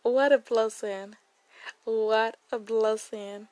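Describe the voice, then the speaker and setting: Young woman, slightly high voice, earnest devotional speaker who repeats herself for emphasis. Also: fairly even intonation, slow pace, darkish tone, dry recording, poor audio. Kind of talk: devotional Bible reflection.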